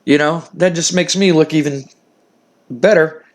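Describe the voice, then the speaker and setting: Man voicing friendly wrestling champ, earnest, reassuring, stammering repeats, fairly high voice. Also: steady tone, unhurried, natural voice. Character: friendly male wrestling champion offering respect.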